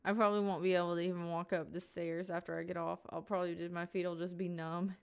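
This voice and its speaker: A woman's voice: lowish voice, flat delivery, fast talker, smooth. A young woman live streamer chatting casually and playfully with her viewers, giggly and rambling, sitting at home at a desk mic.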